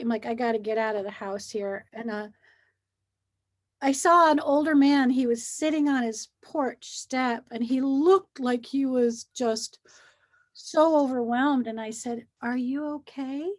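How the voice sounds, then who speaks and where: A middle-aged woman speaking as a guest in a casual conversation, explaining feelings earnestly and acting out what people say to themselves. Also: a little high. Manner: earnest, animated, acts out feelings while explaining. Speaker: guest, hypnosis practitioner.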